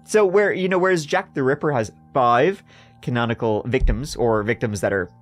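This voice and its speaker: A man's voice: mid-range voice, normal speed, soft background music. A young adult man co-hosting a podcast, narrating a true-crime story in a jokey, casual way. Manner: jokey, animated storyteller who riffs on his own narration.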